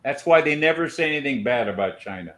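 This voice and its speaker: A man's voice: medium pitch, animated, quick pace, fairly bright tone. Opinionated man rambling with gum in mouth. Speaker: podcast host. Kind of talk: casual banter.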